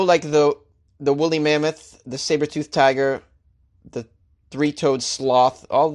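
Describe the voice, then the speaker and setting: A man who hosts a comedy news podcast, reading odd stories and ranting about them with sarcastic mock outrage. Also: medium pitch. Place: Los Angeles.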